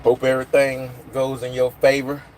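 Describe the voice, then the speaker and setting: A man's voice: medium pitch, monotone, normal speed, a little mellow, slight background noise. A man hosting a casual livestream from his phone, rambling and answering viewers' comments. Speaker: livestream host. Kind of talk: casual live chat with viewers.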